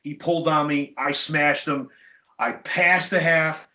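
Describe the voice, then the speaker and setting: A middle-aged man, a podcast guest, telling stories in casual chat, animated and emphatic with blunt profanity. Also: on the high side, a little slow. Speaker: podcast guest, chiropractor and jiu-jitsu black belt. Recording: echoey room, dull lo-fi sound.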